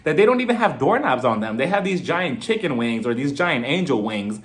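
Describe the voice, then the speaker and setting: A man giving a casual, sarcastic recap of a reality TV episode, animated and quick to laugh. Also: mid-range voice. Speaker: TV recap reviewer.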